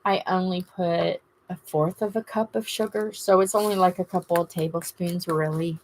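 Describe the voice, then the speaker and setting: A woman's voice: fairly low pitch, steady tone, a little fast, hardly any pauses, a bit bright, slight background noise. A middle-aged woman with a Southern US accent, hosting a casual livestream and chatting in a rambling, gushing way with her viewers. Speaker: livestream host. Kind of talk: casual live-stream chat to viewers.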